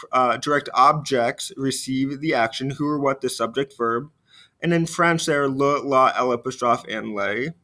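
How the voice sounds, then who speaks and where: A man teaching a recorded French grammar lesson. He explains step by step, slows down to model the French phrases, and drops quietly at the ends of phrases. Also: mid-range voice. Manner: frequent fillers, trails off quietly at phrase ends.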